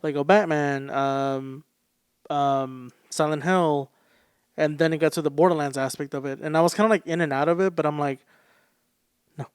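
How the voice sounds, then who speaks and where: A man's voice: a little high, fairly even intonation, normal speed, clear, resonant tone, no echo, studio quality. A man co-hosting a casual podcast, laid-back and often chiming in with short agreements. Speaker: podcast co-host. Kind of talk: casual chat.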